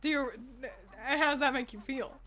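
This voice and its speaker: A woman's voice: sits high, moderate pace, a bit bright. A young woman streaming at home who chats playfully with her cat while gaming, cursing freely into a desk microphone. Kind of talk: casual gaming commentary.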